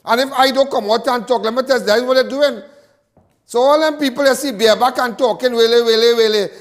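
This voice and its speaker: A man's voice: extremely high pitch, quick pace. A Trinidadian man hosting a live crime talk show, delivering a fiery monologue full of repetitions and stammered restarts.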